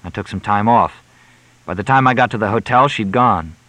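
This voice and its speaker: A man's voice: on the low side, normal speed, pushed and bright, no room sound, low-quality recording. A man reading as a grieving, bitter young clerk. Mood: flat, weary.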